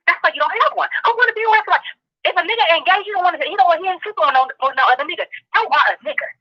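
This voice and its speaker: A woman's voice: extremely high pitch, expressive. Passionate, profane woman ranting. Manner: passionate, profane, rapid-fire lecturing. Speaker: show guest. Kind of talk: heated social commentary rant. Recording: dull lo-fi audio.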